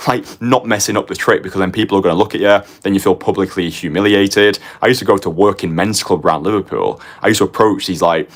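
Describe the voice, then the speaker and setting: A man's voice: sits low, fast, hardly any pauses. A young man teaching a motivational course as a dating coach, confessional and punchy, tagging his points with "right?" and casually swearing.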